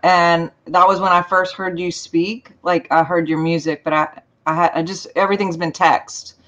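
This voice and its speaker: A woman's voice: lowish voice, little pitch movement, normal speed, a bit bright, lo-fi sound. A woman hosting a casual panel chat, effusive and emotional, rambling as she talks. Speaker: show host.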